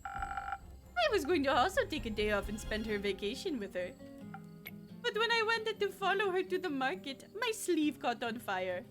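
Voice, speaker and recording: A vain, flamboyant male vampire, read by a woman with a very high voice. He speaks airily and theatrically, with a lively, swooping pitch. Game music plays in the background. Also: moderate pace, full character voice. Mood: airy. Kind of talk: reading video game dialogue aloud.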